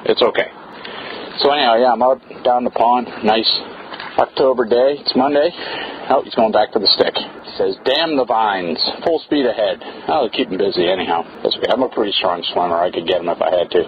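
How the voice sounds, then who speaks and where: A man's voice: lowish voice, quick pace. A man with a Boston accent chatting casually while jogging outdoors by a pond, rambling and talking to his dog. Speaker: podcast host. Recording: muffled outdoor recording with faint noise.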